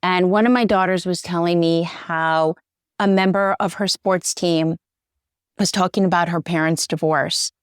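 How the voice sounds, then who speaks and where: A woman's voice: on the low side, fairly even intonation, measured pace, smooth, no echo, studio quality. A middle-aged woman, a journalist and interview guest, talking earnestly and getting choked up. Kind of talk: conversational interview.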